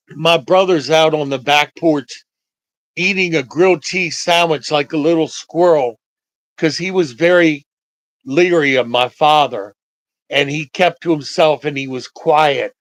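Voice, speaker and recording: An older man tells his stories at an unhurried, deliberate pace, his voice sitting a little high for a man. He speaks reflectively and pauses often. The recording is dry and close, with no room sound. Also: a bit bright, dry recording, low-quality recording. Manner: slow, reflective, halting delivery with pauses. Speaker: storyteller. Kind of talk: personal storytelling.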